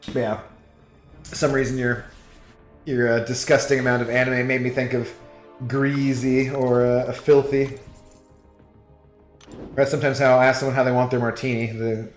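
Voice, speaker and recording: A man's voice: mid-range voice, little pitch movement, moderate pace, pauses often. A man streaming from home who chats with viewers while he plays, rambling, laughing often and reading chat aloud. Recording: roomy echo with faint music.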